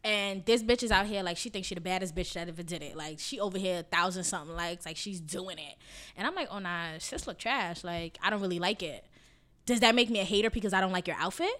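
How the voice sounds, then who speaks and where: A young woman chats on a podcast in a bright, forceful voice, from a Haitian family. She tells stories bluntly and with plenty of swearing, acting out other people's lines as she goes. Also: mid-range voice, quick pace. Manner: blunt, profane storytelling with acted-out quotes. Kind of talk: casual chat.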